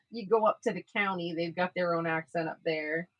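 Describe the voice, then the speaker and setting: A woman's voice: lowish voice, normal speed, muffled recording. Chatty woman sewing on a livestream. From Maine. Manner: chatty, rambling, laughs often. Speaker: craft seller on a live stream. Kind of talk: casual sewing livestream chat.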